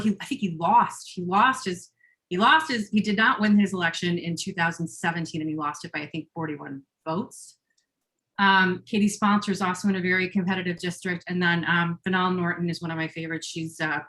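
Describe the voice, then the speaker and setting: A woman's voice: fairly low pitch, fairly bright tone. Earnest woman organizer on a call. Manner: earnest, fillers, grows emotional. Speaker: campaign organizer. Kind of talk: presentation on a video call.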